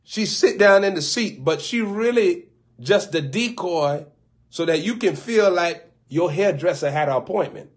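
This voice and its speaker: High-voiced man riffing comedically. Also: a little slow. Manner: animated, laughing often, acting out little scenes. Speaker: preacher. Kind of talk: comedic storytelling riff.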